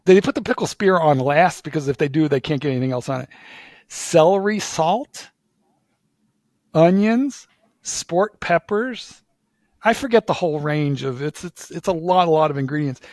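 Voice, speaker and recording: A man from Philadelphia tells an animated story in casual conversation, stumbling over repeated "like"s and restarts as he gets going. His voice sits a little on the higher side, and the recording is close and dry, with no room sound. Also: normal speed, dry recording.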